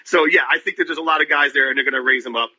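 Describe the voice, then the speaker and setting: A man's voice: fairly high pitch, racing, sharp tone, lo-fi sound. A man calling in as a boxing reporter guest, chatting casually and rambling a little. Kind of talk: casual radio chat.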